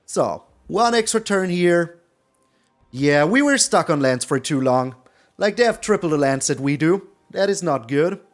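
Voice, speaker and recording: A man giving live gameplay commentary as a card game streamer, animated and repeating his phrases with lots of mild swearing. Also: fairly high pitch, measured pace.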